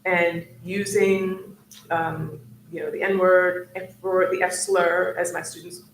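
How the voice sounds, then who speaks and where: A woman's voice: fairly low pitch, little pitch movement, slow pace. Thoughtful woman speaking in a roomy hall. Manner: thoughtful, searching, many ums. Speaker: academic panelist. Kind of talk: panel discussion. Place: event hall. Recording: roomy hall with faint noise.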